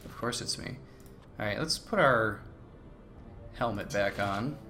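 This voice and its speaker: A man hosting a let's play, reading game text aloud between relaxed, casual remarks. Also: lowish voice, a little slow, soft background music. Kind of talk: casual gameplay commentary.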